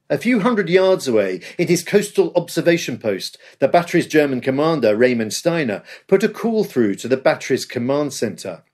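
A man's voice: fairly high pitch, sing-song, a little fast, hardly any pauses, darkish tone. A man reading scripted history narration with a dramatic storytelling delivery. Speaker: podcast host.

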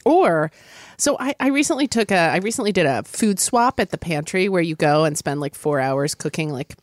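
A woman's voice: lowish voice, lively intonation, normal speed, dry recording, studio quality. A woman in her forties from Oklahoma, co-hosting a podcast in casual, playful chat and laughing often. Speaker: podcast co-host.

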